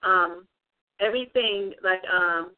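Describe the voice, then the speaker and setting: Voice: medium pitch, slow. An online religious speaker giving an informal livestream talk, rambling with many fillers and repeated phrases. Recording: tinny phone-like sound.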